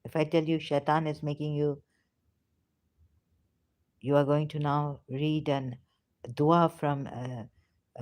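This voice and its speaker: A woman's voice: low-pitched, little pitch movement, takes it slowly, long pauses, darkish tone, no room sound. A woman giving an emotional, passionate, pleading monologue to her viewers, now and then dropping into a whisper. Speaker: ex-religious vlogger. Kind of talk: impassioned spoken monologue.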